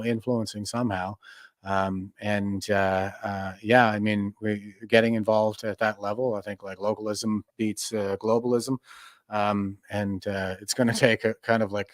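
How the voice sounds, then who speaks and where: Halting, low-voiced man host. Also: dry recording, studio quality. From Canada. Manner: halting, many ums and uhs. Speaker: podcast host. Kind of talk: casual political chat.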